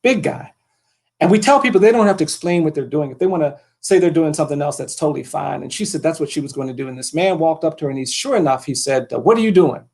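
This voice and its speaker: A middle-aged man giving an impassioned keynote speech, building his points with rhythmic repetition and telling stories in an earnest, hushed way. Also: a little high, fast talker. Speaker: keynote speaker.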